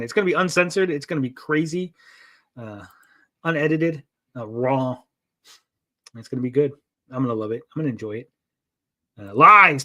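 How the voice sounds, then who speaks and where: A man's voice: mid-range voice, a bit bright. A man hosting a casual livestream, rambling and joking as he reads out chat messages. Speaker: livestream host.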